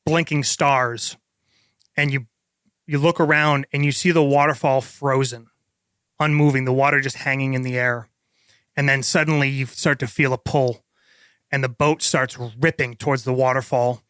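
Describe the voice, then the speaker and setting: Bright-voiced man narrating as game master. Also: fairly high pitch, no echo, clean studio sound. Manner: vivid descriptive narration with fillers.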